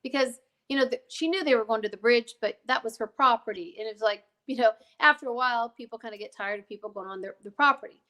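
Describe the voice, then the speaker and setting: A woman with a fairly high voice talks casually as a guest, wandering off into asides and coming back to press her point. Her delivery is emphatic and conversational. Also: quick pace, few pauses, bright, forceful tone. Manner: digressive, emphatic, many asides. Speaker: podcast guest.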